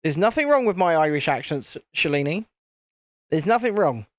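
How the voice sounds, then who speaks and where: A man's voice: a little high, very animated, normal speed, dry recording, studio quality. Chatty British man hosting a live stream. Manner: chatty, self-deprecating, talks to viewers. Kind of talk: casual live-stream chat.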